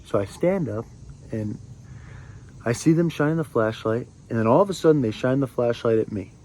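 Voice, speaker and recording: A man's voice: mid-range voice, expressive, normal speed, mellow, slight background noise. A young man in his twenties, ranting to camera in a rambling way with lots of fillers and restarts. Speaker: vlogger. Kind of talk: ranting monologue.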